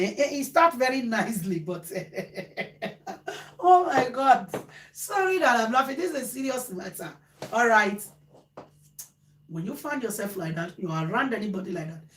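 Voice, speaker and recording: A woman talking casually to viewers as host, animated and repeating phrases for emphasis. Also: medium pitch. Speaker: vlogger host. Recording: echoey room.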